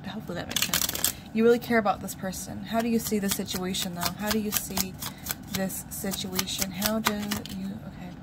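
Woman, tarot reader, musing, repeats questions, medium pitch, noisy background. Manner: musing, repeats questions to the cards, many fillers. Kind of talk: casual spoken tarot reading.

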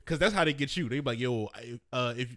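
A man's voice: medium pitch, fast, a bit bright, no room sound, studio quality. A man, a comedian guest on a podcast, telling a story animatedly and acting out the lines of others. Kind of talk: casual chat.

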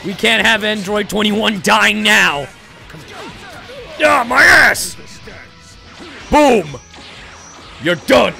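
A young man giving excited gameplay commentary, yelling and trash-talking his opponent as he plays a fighting game. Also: high voice, extremely slow, creaky, long pauses, music in the background. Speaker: gaming YouTuber playing a fighting game.

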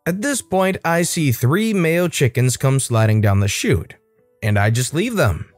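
A man reading online stories aloud as a storytime channel narrator in a scripted, expressive style. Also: a little high, no room sound.

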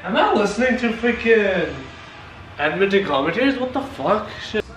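A man reacting live to a hockey game, shouting, cheering and swearing. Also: sits high, animated, moderate pace, reverberant, soft background music.

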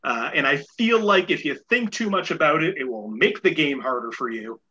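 A man's voice: fairly high pitch, animated, normal speed, sharp tone, highs cut off. A man with a light Boston accent hosting a casual game show podcast, rambling with many fillers and repeated words. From Boston area.

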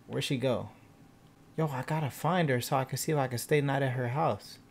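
A young man hosting a gaming channel, giving casual let's-play commentary in loose slang with bursts of loud excited shouting. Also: medium pitch, a little fast, vocal fry.

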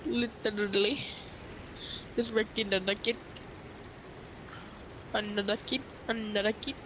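A woman's voice: mid-range voice, steady tone, slow. A woman playing a video game, teasing and taunting in a playful, sing-song way. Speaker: gamer. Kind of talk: casual gameplay trash talk. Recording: loud game and vehicle noise behind. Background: loud game sounds, engines.

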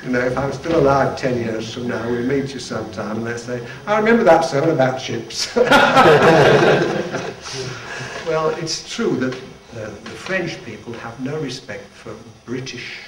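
A man's voice: mid-range voice, takes it slowly. An older man, a retired church leader, giving an informal, humorous devotional talk with chuckling asides to a band at practice. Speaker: retired Salvation Army general leading devotions. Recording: echoey, distant, noisy room recording.

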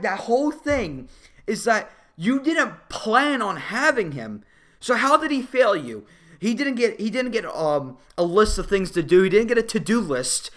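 Animated, cursing young male movie reviewer. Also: high-pitched. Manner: profane, exasperated ranting. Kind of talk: casual critical rant.

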